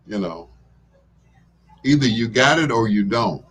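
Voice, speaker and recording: A man's voice: fairly low pitch, expressive, measured pace, long pauses, a bit bright. A middle-aged man hosting a talk show, rambling in a laid-back way and chuckling often as he chats. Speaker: radio show host. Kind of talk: casual talk show chat.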